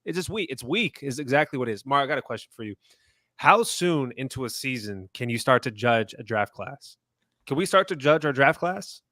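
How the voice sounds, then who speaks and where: A man co-hosting a sports podcast, talking in an animated, indignant way in casual chat. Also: medium pitch, fairly quick, dry recording. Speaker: podcast co-host.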